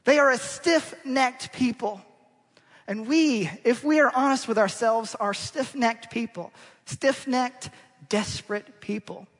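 Preacher guy, husky breathy voice, lively sermon in a big echoey church. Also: very high voice, slow pace. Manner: animated, rhetorical, drawing the congregation in. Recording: long church-hall reverb.

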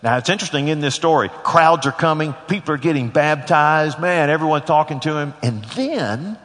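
A man's voice: fairly high pitch, expressive, moderate pace, fairly bright tone. A middle-aged man preaching a sermon as pastor, folksy and conversational with joking asides. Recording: long hall reverb.

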